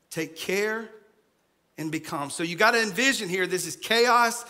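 A man preaching a sermon as pastor, dropping to a hushed voice when he acts out scripture. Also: high voice, normal speed.

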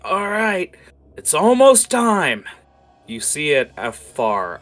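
A man's voice: deep voice, bright, forceful tone. A man narrating as game master, loose and full of fillers.

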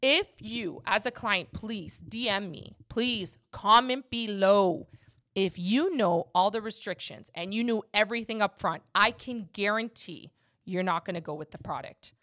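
A woman's voice: medium pitch, unhurried, a bit bright. A woman who works as a mortgage agent and hosts a podcast, talking casually and emphatically about her work.

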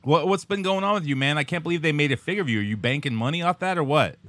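A man's voice: fairly high pitch, lively intonation, racing, a bit bright. A young adult man hosting a podcast, rambling in casual, profane banter and laughing often. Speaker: podcast host.

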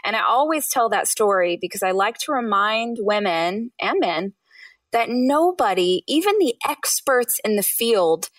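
A woman's voice: mid-range voice, measured pace, no room sound, far from the mic, rough recording. A woman in her thirties, a guest author, telling her story in a casual interview and acting out the people she quotes. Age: 30s. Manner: animated, acts out quoted people in shifting voices.

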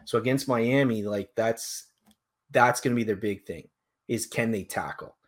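Husky man breaking down football. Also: lowish voice, normal speed. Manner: animated, argumentative analysis with fillers. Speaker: sports podcast co-host. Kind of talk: casual sports talk.

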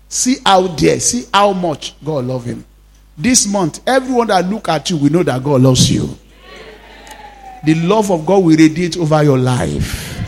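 A man's voice: on the high side, animated, a little slow, darkish tone, husky. A man, preaching a sermon to a congregation, repeating lines and calling for responses. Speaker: pastor.

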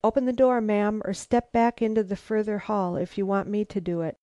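A rude policeman barks his orders in a storybook reading, voiced by a woman reader. He growls short commands in a mellow, dry tone. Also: medium pitch, brisk, dry recording, lightly acted. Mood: curt. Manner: growling, curt. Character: gruff rude male policeman.

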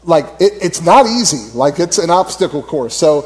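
A man's voice: on the high side, very animated, moderate pace, a little mellow. A man giving a casual, storytelling sermon at church, rambling with lots of fillers and frequent laughter. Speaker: church speaker.

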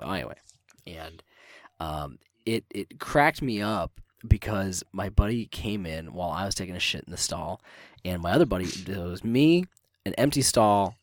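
A man's voice: fairly low pitch, a little mellow, dry recording, clean studio sound. A man co-hosting a podcast, telling stories animatedly, swearing freely and acting out the quotes. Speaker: podcast co-host. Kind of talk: casual storytelling chat.

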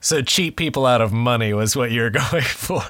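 A man's voice: mid-range voice, normal speed, fairly bright tone, no echo. A man co-hosting a podcast, bantering and laughing a lot in casual chat. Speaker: podcast co-host.

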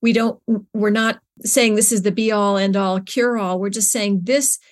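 A woman's voice: medium pitch, steady tone, moderate pace. A middle-aged woman speaking as an interview guest, earnest and searching, often restarting her sentences with fillers. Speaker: interview guest, nonprofit co-founder. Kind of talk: conversational interview.

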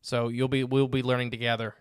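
A man hosting a podcast, chatting with easy enthusiasm. His voice is smooth and clear. It sounds close and dry, with no room echo. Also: mid-range voice, level tone, fairly quick. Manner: enthusiastic, upbeat. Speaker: podcast host. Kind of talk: casual interview chat.

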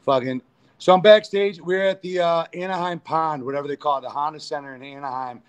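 A man's voice: fairly high pitch, a little fast, clean tone. A man, a pro wrestler guest, telling crude, profane backstage stories in a casual interview. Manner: profane, animated storyteller.

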